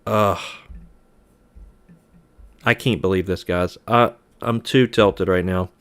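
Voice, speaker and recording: Annoyed guy on a trading stream, lowish smooth voice, keeps saying he's done. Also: fairly even intonation, slow pace, fairly bright tone. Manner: frustrated, repeats himself, sighs. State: aggravated. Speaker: day trading live streamer. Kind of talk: live-stream trading commentary.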